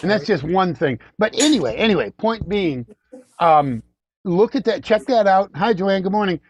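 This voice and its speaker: A man's voice: sits high, animated, normal speed, a little hiss or hum. A man co-hosting a local radio show who tells stories in a chatty way and repeats phrases for emphasis. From Illinois, USA. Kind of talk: casual radio chat. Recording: dull, lo-fi radio audio.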